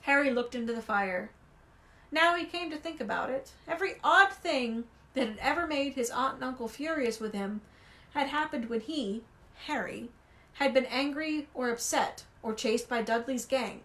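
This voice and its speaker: A woman reading a novel aloud with expressive, animated storytelling. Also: high-pitched, normal speed. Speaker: reader.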